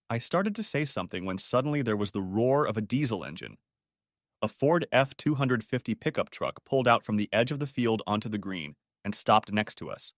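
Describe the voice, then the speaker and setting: A man reading a first-person audiobook story in a steady storytelling manner. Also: lowish voice, dry recording, clean studio sound. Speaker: narrator. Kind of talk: scripted audiobook narration.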